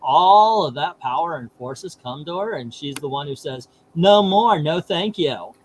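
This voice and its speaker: A man's voice: fairly high pitch, expressive, unhurried, slight background noise, rough recording. A man putting on a mocking, whiny valley-girl-style voice with an exaggerated sing-song delivery.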